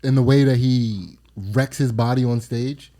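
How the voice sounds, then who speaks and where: A man co-hosting a casual podcast chat, musing in a drawn-out way. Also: mid-range voice, flat delivery, mellow. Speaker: podcast co-host.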